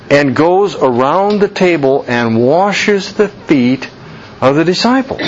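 A man preaching a sermon slowly and deliberately, jumping to a much higher pitch when he voices people's reactions. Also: dull audio, a little hiss or hum. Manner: slow deliberate preaching, voice leaps high for quoted reactions. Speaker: pastor.

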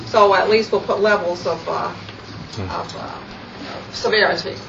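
Distant, gravelly woman in a class. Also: lowish voice, sing-song, measured pace. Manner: hesitant, thinking aloud. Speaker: class member. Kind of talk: classroom question. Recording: distant, echoey, dull, noisy room mic.

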